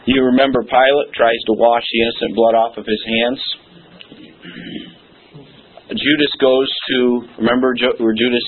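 A man's voice: mid-range voice, breathy edge. Folksy male pastor, emphatic, lo-fi phone-quality church recording. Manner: emphatic, folksy preaching with repeated "okay?". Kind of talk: sermon.

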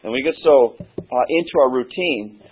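A hoarse man preaching a sermon as pastor, earnest and halting, with many "uh" pauses. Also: medium pitch. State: hoarse, losing his voice. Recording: tinny phone-like sermon recording.

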